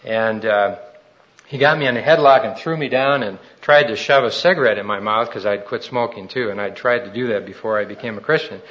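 A man's voice: lowish voice, a little fast, a bit bright, highs cut off. A man preaching a sermon and telling his own testimony in an earnest, folksy storytelling way.

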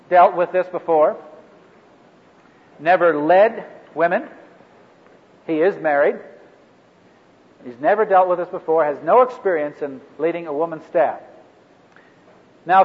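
A man leading a ministry training workshop for a live group, talking in a halting way with many fillers and restarts. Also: sits high. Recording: echoey hall over a phone-like line.

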